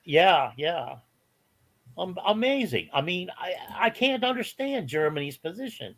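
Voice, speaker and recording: A man chatting on a political podcast, halting and incredulous as he talks. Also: high-pitched, very animated, a bit bright. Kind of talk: casual political chat.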